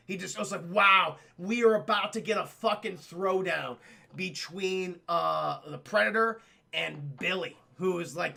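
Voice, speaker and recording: Man, livestream film recap, high bright voice, gravelly edge, laughs and acts out lines. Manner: animated, laughing, acts out characters' lines, swears a lot. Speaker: streamer reviewing a film. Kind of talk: excited casual recap with live chat.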